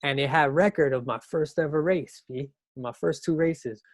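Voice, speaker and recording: A middle-aged man from New York chats as a podcast guest, telling lively, slangy stories. His voice sits a little high. The sound is dry and close. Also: normal speed, no echo. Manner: animated storyteller, slangy, mimics people in high voices. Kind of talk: casual chat.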